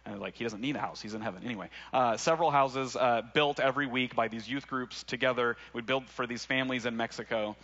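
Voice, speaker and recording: A man's voice: mid-range voice, quick pace, few pauses, fairly bright tone, dull audio. A young man from Arkansas, preaching a sermon in a casual, conversational way with laughing asides. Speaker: pastor.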